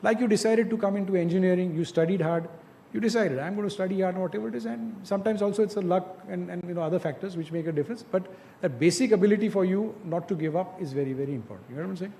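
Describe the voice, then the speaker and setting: A man's voice: high-pitched, quick pace, creaky, warm tone, slight background noise. A man giving direct, coaching advice to students in an informal talk, often asking rhetorical questions. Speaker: industry speaker mentoring students.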